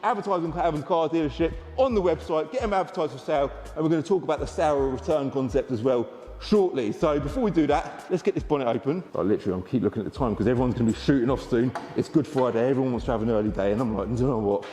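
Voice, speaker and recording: A man, a car dealer chatting excitedly to camera in a casual walkaround vlog. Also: medium pitch, very fast, few pauses, big-room sound, soft background music.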